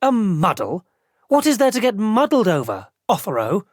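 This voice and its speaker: A narrator voicing an excitable male opera director who talks brashly and shouts. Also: high-pitched, moderate pace, dry recording, clean studio sound, pitched above the performer's own voice, full character voice. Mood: exasperated.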